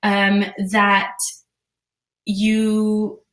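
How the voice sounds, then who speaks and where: A woman hosting a live parenting webinar, answering questions gently with many ums and uhs. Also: medium pitch, monotone, extremely slow. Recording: roomy sound, distant from the mic.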